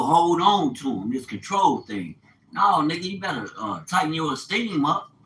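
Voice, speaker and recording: A man's voice: fairly high pitch, bright, forceful tone, reverberant, rough recording. An older man in an unscripted monologue, ranting in a profane, preachy way and quoting scripture with fire. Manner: quotes scripture, fiery preaching tone. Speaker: vlogger.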